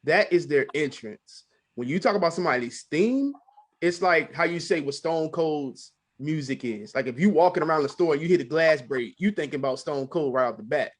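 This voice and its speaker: A man's voice: on the high side, animated, a little fast. A man on a podcast panel in casual chat, patiently breaking a topic down step by step.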